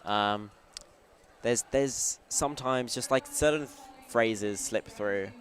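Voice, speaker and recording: A man's voice: mid-range voice, slow pace, a little hiss or hum. A British man chatting casually as a stream commentator, talkative and jokey, often restarting his sentences. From United Kingdom. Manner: chatty, self-interrupting, jokey. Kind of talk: casual chat.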